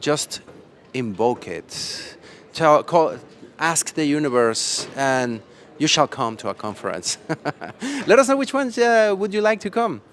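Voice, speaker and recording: A man's voice: fairly high pitch, sing-song, measured pace, a bit bright, a little hiss or hum. Playful man hosting live. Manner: playful, rambling, laughs often. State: a little tired. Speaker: livestream host. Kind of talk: casual live stream chat. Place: conference hall after the event.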